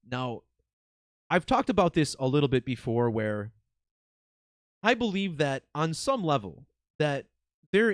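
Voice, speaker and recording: A man talks straight to his viewers in a loose, chatty monologue, his pitch bouncing up and down as he gets worked up. He drops the odd swear word without a second thought. The sound is dry and close, with no room around it. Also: no room sound. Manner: excited, conversational, swears casually. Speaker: video host.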